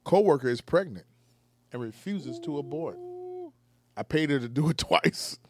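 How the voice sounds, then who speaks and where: A man's voice: medium pitch, sing-song, normal speed, a little mellow. A man reading stories aloud and joking with friends in casual group banter, loose and laughing, often stumbling over his words. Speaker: podcast co-host reading listener stories.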